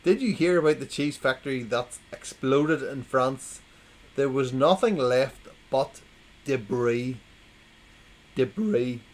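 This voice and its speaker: Through a rough recording comes a medium-pitched man hosting a casual livestream. Wry and playing to a quiet chat, he reads corny jokes aloud and repeats the punchlines when his viewers stay silent.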